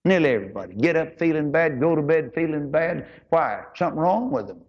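A man preaching a folksy sermon as pastor, rising high and slow when he quotes scripture. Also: expressive. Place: church auditorium. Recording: dull recording in a large reverberant hall.

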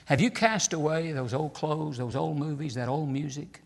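A man preaching a fiery sermon in a church, shouting some phrases and dropping to near-whispers on others. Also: a little high, normal speed, creaky. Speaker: pastor. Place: church sanctuary. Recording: long hall reverb.

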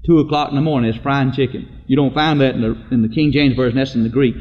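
A man's voice: medium pitch, fairly even intonation, fast talker. A man preaching a sermon, telling stories in a folksy way and acting out the voices of the people in them. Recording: dull lo-fi recording in a reverberant hall.

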